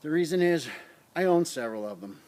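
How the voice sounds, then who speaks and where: A man's voice: a little high, lively intonation, a little fast, a little mellow, a little hiss or hum. A man casually reviewing a survival knife in his yard, talking in a rambling, blunt way into a tablet camera on a tripod. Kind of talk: casual outdoor demo vlog. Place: outdoors in a front yard.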